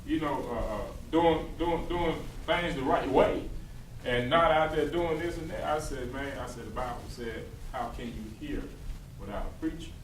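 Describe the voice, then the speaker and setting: A Southern youth pastor tells a story haltingly, with many fillers. He is recorded from across an echoey room with faint ambience behind him. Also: a little high, far from the mic, slight background noise. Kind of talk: telling a story in a group.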